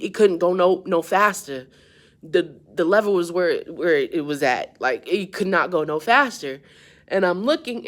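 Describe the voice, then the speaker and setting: A woman with a notably low, deep speaking voice recounts a dream in a loose, casual monologue. Her delivery is unfiltered and full of swearing, and it swings between low-key musing and excited retelling. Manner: animated and profane, grows louder and more excited as the story builds; low-key and subdued at the start. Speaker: vlogger.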